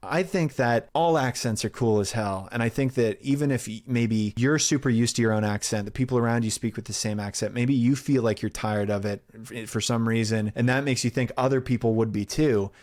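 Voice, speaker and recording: Man, mid-pitched, casual and candid, viewer Q&A on a home studio mic, laughs easily. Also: brisk. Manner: relaxed, candid, laughs easily and swears now and then. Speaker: YouTube narrator answering viewer questions. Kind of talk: casual chat. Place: sound-treated home room.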